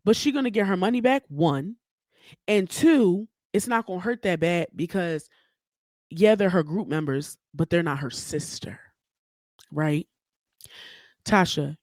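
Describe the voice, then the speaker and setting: A woman's voice: on the low side, a little slow, pauses often, darkish tone, no room sound. Blunt, heated woman podcaster, dry sound. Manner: blunt, heated and profane, with frequent asides. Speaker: podcast host. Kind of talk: solo opinion commentary.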